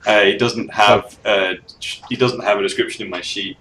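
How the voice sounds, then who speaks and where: A man playing a tabletop game over voice chat, laughing often and talking in halting bursts. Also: lowish voice, steady tone, sharp tone, echoey room, a little hiss or hum, rough recording. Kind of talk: casual play over voice chat.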